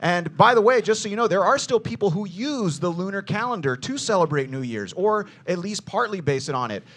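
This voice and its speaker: A man giving a jokey, energetic history talk to a group as a tour guide, teasing the listeners and calling them "you guys" and "baby.". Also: high voice, a little fast.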